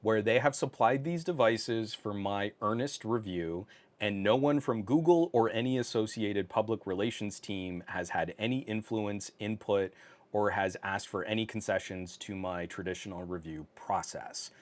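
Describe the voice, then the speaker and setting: A man's voice: on the low side, normal speed. Chatty male tech livestream host. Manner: chatty, reads viewer comments, laughs often, many fillers. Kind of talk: casual live-stream chat. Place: home office. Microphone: on camera.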